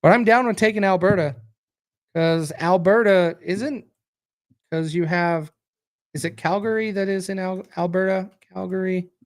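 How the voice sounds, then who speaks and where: A man's voice: sits high, normal speed. An American man hosting a casual podcast stream, tired and rambling as he reacts to news and viewer comments. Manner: rambling, reacts aloud to results and chat. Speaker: podcast host.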